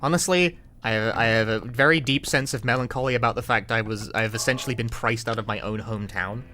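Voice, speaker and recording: A man's voice: medium pitch, fast, bright, forceful tone, slight background noise. A man with a London accent chatting casually while playing a game on a live stream, rambling, wry and swearing now and then. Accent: London English. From London, England. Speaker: speedrunner streamer.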